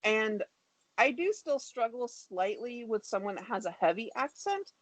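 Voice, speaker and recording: A woman in her fifties with an American accent, calmly explaining things as a guest on a video call. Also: a little high, a little slow, no echo, low-quality recording. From United States. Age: 50s. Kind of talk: casual conversation on a video call.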